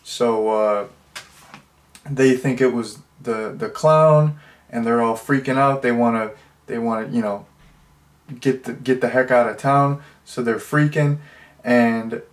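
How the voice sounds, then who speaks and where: A man's voice: medium pitch, fairly even intonation, slow. Guy rambling thru a movie review, lots of uh and like, gets all worked up and incredulous. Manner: rambling, many fillers and restarts; gets loud and incredulous when amused. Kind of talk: casual spoken movie review.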